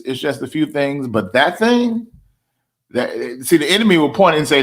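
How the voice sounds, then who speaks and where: A man's voice: a little high, normal speed. Emphatic man preaching in slangy casual talk. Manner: emphatic, repeats phrases, slangy. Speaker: host and preacher.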